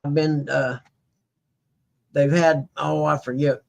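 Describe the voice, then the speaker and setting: A man's voice: a little high, flat delivery, takes it slowly, vocal fry. A man hosting a casual talk show, laid-back, laughing often and reading posts aloud. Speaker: show host. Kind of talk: casual chat.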